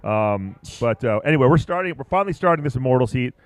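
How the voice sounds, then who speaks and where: A man commentating live at a surfing contest, chatty and excitable, rambling about boards and waves. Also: mid-range voice, fast talker, clean tone, no echo.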